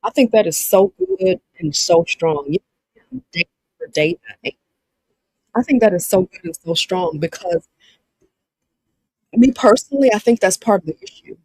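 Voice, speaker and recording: Animated Southern woman streaming live. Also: medium pitch, unhurried, pauses often, husky, no echo, rough recording. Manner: animated, repetitive, addresses viewers directly. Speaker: livestream host. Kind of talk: live-streamed dating talk, reading viewer comments.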